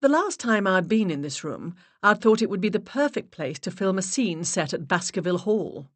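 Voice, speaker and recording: A woman narrating a mystery audiobook in the first person, expressive storytelling. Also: mid-range voice, normal speed, no echo. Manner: expressive storytelling with varied character voices.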